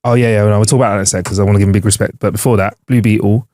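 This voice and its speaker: A man's voice: on the low side, fairly even intonation, racing, warm tone, dry recording, clean studio sound. A young man co-hosting a podcast, chatting in a laid-back, slangy way. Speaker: podcast co-host. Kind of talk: casual chat.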